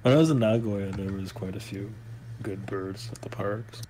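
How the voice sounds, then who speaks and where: A man chatting casually on a stream, relaxed and laughing, his talk full of fillers. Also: fairly low pitch, moderate pace, slight background noise. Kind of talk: casual chat.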